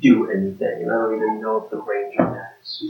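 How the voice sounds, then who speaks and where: A man narrating a tabletop game as game master, describing scenes haltingly with many restarts. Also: fairly low pitch, little pitch movement, creaky, soft background music. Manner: hesitant, lots of "like" and restarts while describing. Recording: roomy, dull lo-fi recording.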